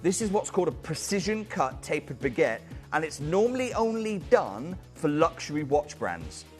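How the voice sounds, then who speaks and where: A man's voice: a little high, very animated, moderate pace, a little mellow, faint music behind. Urgent shopping channel salesman. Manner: urgent, persuasive, addresses viewers by name. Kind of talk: fast live sales pitch. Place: TV studio.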